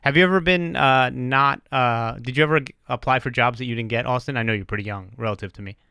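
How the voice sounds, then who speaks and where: A man's voice: medium pitch, fast, sharp tone, clean tone, no echo, clean studio sound. Rambling self-mocking man hosting a podcast. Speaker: podcast host. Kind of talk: casual podcast chat. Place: streamed live on Twitch.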